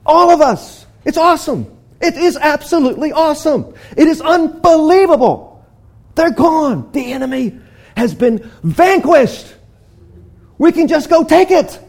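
Guy voicing a overjoyed leper, way up high, talks fast n breathless. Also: slightly rough, exaggerated voice. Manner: breathless, excited exclaiming. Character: jubilant lepers bursting with good news.

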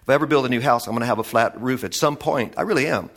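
A male Bible teacher in a relaxed study session, reading scripture aloud and breaking off for eager, conversational asides. His pitch sits in an ordinary middle range. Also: very fast. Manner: chatty and enthusiastic, with asides.

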